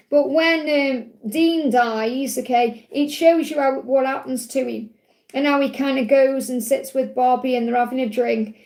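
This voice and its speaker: High-voiced chatty woman livestream reader. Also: vocal fry, darkish tone. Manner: chatty, reassuring, often adds "okay?"; reads card messages aloud. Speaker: psychic reader, livestream host. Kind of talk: casual live-stream card reading.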